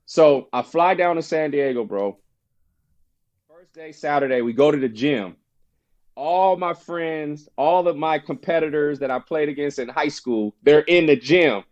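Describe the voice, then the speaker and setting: A man telling a personal story in casual conversation as a podcast guest, animated and slangy, acting out quoted friends. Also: a little high, normal speed, muffled recording. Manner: casual slang, frequent "bro" and "you know".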